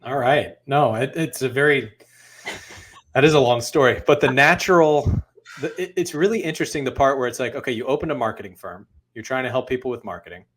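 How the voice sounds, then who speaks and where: A man's voice: mid-range voice, fairly quick, fairly bright tone. A man hosting a podcast who chats casually, sums up his guest's story and asks follow-up questions. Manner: conversational, restarts while framing questions. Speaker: podcast host. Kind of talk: casual interview.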